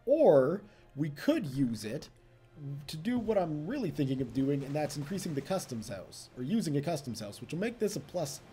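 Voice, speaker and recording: Lively chatty man, game commentary. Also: a little high. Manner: chatty, self-mocking, laughs often. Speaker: let's play host. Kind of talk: casual gameplay commentary.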